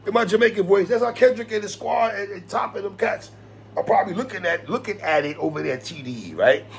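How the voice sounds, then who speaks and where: Hip-hop commentary host, man, swings his voice all over, gravelly, slangy and laughing a lot. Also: high voice, fast talker, slight background noise. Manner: animated, laughs, quotes lyrics, slangy.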